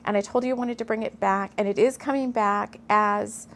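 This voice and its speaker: A woman's voice: medium pitch, fairly even intonation, normal speed. A middle-aged woman reading a channeled mystical story aloud, breaking off into earnest, gushing asides and getting emotional. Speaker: spiritual storyteller.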